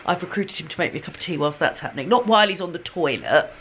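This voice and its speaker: A woman's voice: lowish voice, animated, fast, very noisy. A woman in her thirties chatting casually in a home vlog, rambling and giggly. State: slightly snotty with a cold. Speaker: vlogger. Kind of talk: casual chat. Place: home kitchen.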